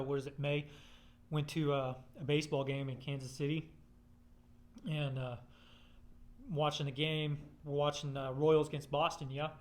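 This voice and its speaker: Swearing, rambling man. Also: a little high. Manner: profane, rambling, swears constantly. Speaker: storyteller. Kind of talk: casual personal storytelling.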